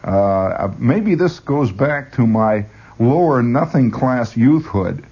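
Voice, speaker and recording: A man's voice: mid-range voice, expressive, slow pace, warm tone, husky. A man hosting a rambling radio monologue, full of stammered restarts and chuckling asides. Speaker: radio host. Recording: dull lo-fi radio recording.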